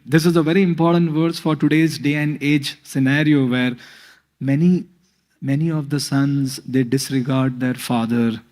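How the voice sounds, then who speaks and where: Man, scripture talk, many fillers, mid pitch. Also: darkish tone. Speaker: spiritual speaker.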